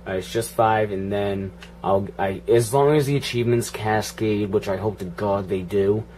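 A man's voice: fairly low pitch, moderate pace, darkish tone, a little hiss or hum. A man giving casual, profane running commentary while playing a video game, grumbling and joking at it. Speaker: gaming channel host.

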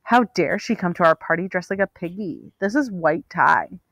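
A woman voicing a crowd of young partygoers who taunt in a high, singsong, mocking way. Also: normal speed, gravelly, fairly bright tone, no room sound. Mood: sneering.

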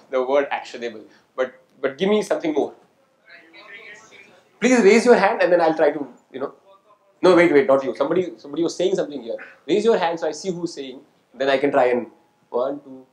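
Speaking as a guest lecturer, a man runs an interactive class, quizzing students, calling on people, and often asking "right?" to make sure they follow. His fairly high, darkish voice is expressive and brisk. The lecture hall gives the audio a noticeable echo.

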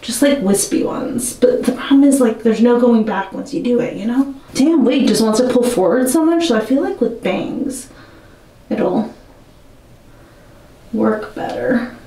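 A woman's voice: on the high side, lively intonation, unhurried, warm tone. A young woman vlogging at home, chatting nervously and poking fun at herself as she trims a wig. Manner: nervous, self-mocking, chatty. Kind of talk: casual talking to camera while cutting a wig. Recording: roomy and a bit distant from the mic.

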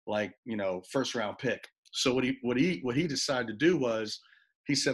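A man's voice: mid-range voice, a little fast, breathy edge. Man telling a coaching story. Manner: animated storyteller, repeats words, acts out both sides of phone calls. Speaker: guest college assistant basketball coach.

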